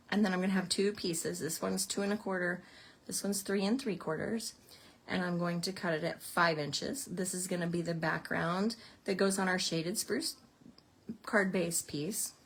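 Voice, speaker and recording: A woman leads a card-making class as a casual craft tutorial, chatting through each step as she works and sounding out of breath at times. Her husky voice is fairly low in pitch, at a normal speed.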